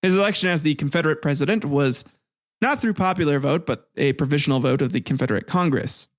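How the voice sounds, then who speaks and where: A man's voice: fairly high pitch, expressive, fast talker. A man narrating history with profane, laughing, sarcastic asides. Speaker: host.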